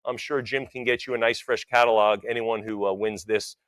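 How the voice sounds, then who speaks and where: A man's voice: lowish voice, steady tone, brisk, fairly bright tone, no room sound. Chanting male auctioneer, dry sound. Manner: rhythmic bid chanting mixed with chatty asides. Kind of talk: live auction bid calling.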